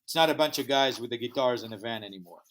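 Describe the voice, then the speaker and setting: Speaking quickly at a medium pitch, a man whose first language isn't English recounts a story as a podcast guest. He founded a music festival and brings the tale alive by performing each character's lines.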